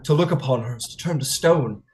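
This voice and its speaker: A man voicing a frightened man freshly freed from petrification, telling of a monster in dramatic, halting bursts. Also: medium pitch, a little mellow, voice pushed up, close to an everyday voice. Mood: fearful. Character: terrified man freed from stone.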